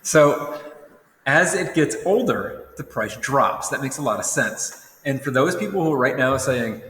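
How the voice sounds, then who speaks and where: Man, young adult, tired, casual rambling teacher, bright tone, reverberant room. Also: medium pitch, lively intonation, a little slow, slight background noise. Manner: casual, rambling, self-correcting. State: tired, yawning. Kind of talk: recorded lesson walkthrough. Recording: roomy echo with long reverb.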